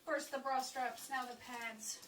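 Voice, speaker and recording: A woman with a slightly high voice talks her way through a casual home vlog. She rambles and pokes fun at herself, often dropping into half-whispered mutters. Faint room ambience sits under her voice. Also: fairly even intonation, measured pace, a bit bright, slight background noise. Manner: rambling, self-mocking, muttering asides under her breath. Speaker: vlogger. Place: home, at a table.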